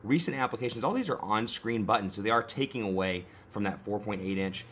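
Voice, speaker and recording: Young guy kinda hoarse, fighting a cold, rattles through phone features fast, low-ish voice. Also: a bit bright, a little hiss or hum. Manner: brisk, conversational, pointing out features. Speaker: tech reviewer. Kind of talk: casual product unboxing walkthrough.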